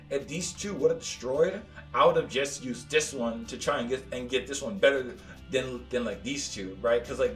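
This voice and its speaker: A man's voice: medium pitch, fairly bright tone. Young guy rambling over his game, says like and dude a lot, kinda roomy and far from the mic, faint music behind. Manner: rambling, lots of "like" and "dude", stammers and repeats words. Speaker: gaming YouTuber. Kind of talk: casual gameplay commentary.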